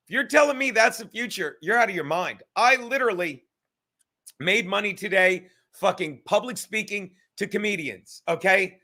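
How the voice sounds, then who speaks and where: A man's voice: high-pitched, bright, forceful tone. A young man, a comedian and show host, ranting casually and profanely from his apartment, rambling and mocking himself. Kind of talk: casual livestream rant.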